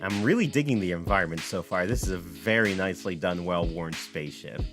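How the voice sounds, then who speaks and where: A man's voice: low voice, brisk, over music. A man who is a game developer giving rambling, self-correcting let's play commentary on a game demo.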